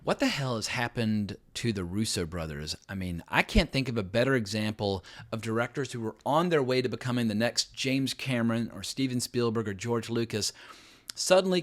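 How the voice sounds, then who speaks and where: In an opinionated video review on his own film channel, a middle-aged man gives a blunt, emphatic verdict on a new show, peppered with sarcastic asides. His voice is mid-range and somewhat bright.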